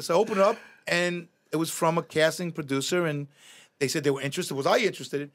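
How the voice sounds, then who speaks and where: A middle-aged man, a podcast guest telling animated stories, swearing freely and acting out quoted lines. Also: high voice, fast talker. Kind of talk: casual storytelling.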